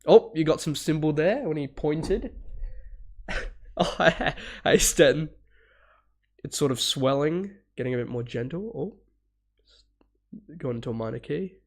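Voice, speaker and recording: A man's voice: a little high, expressive, a little slow, long pauses. A man streaming a live reaction while he is getting over a cold, so his voice comes out stuffy and sniffly. He talks in a loose, rambling way, with laughs, a casual swear or two, and short bits of humming. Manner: hums parts aloud.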